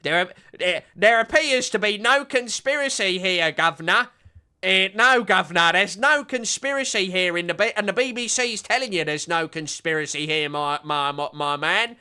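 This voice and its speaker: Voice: mid-range voice, normal speed, sharp tone, clean tone, lightly acted. Someone doing a prim, dismissive British man. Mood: placating. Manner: stiff, placating denial. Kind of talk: mocking impression.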